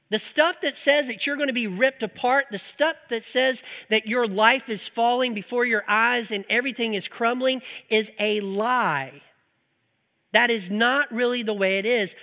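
Brief: male preacher, high bright voice, long hall echo, earnest. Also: a little slow. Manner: earnest, rising to emphatic then dropping soft. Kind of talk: sermon. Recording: reverberant hall.

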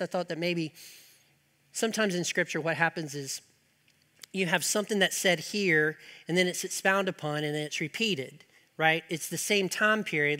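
Brief: male preacher, high bright voice, long hall echo, earnest. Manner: earnest, rising to emphatic then dropping soft. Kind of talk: sermon. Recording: reverberant hall.

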